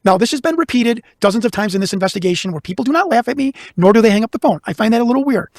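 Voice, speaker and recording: High-voiced guy rattling off a story super fast, dry close sound. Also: no echo. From Chicago. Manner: fast, animated, talks over himself with restarts. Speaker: guest investigator. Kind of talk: casual storytelling interview.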